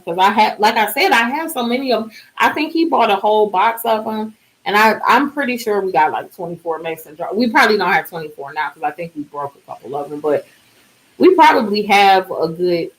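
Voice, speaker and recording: A woman's voice: mid-range voice, lively intonation, brisk, rough recording. A woman chatting casually in a vlog, tired and rambling, trailing off mid-thought. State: exhausted, yawning. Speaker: DIY vlogger. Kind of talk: casual chat.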